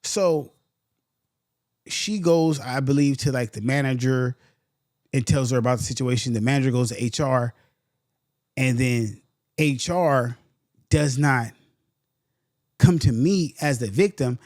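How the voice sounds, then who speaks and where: A man's voice: mid-range voice, measured pace, long pauses, dry recording, clean studio sound. A young man from San Antonio, telling a story on a podcast in a casual, heated, slangy way, with "bro" again and again. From San Antonio, Texas. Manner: animated, heated, slangy, says "bro" a lot. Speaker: podcast host.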